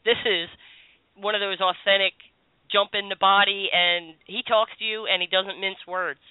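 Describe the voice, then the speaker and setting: A woman's voice: mid-range voice, fairly even intonation, moderate pace, smooth, dry recording. A woman hosting a call-in radio show as a psychic, chatty and reassuring. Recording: tinny phone-line radio sound.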